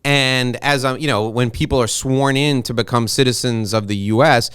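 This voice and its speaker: A middle-aged American man hosting an interview, chatty and openly emotional, talking in quick asides with frequent restarts. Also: mid-range voice, fairly even intonation, a bit bright, clear, resonant tone, no room sound, studio quality. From United States. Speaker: podcast host and interviewer. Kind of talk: casual interview conversation.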